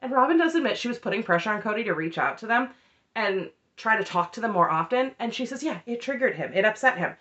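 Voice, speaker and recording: Woman, casual TV recap, sarcastic, opinionated, chatty, very animated pitch. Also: quick pace, dull audio. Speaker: recap commentator.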